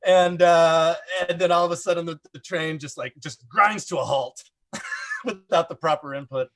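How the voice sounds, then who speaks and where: A middle-aged man telling a casual story as a podcast guest, rambling and animated, full of "like" fillers. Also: a little high, moderate pace. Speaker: podcast guest, production designer.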